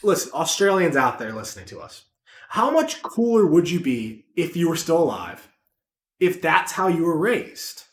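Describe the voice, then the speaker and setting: A man co-hosting a podcast, chatting casually with animated, profane rambling jokes. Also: on the high side, normal speed, reverberant. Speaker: podcast co-host. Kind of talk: casual chat.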